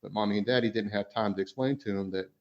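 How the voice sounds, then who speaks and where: A father on a casual podcast, speaking in a very low voice and rambling along with constant "you know" fillers. The audio sounds dull and lo-fi, and his thoughts wind through restarts before landing. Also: quick pace.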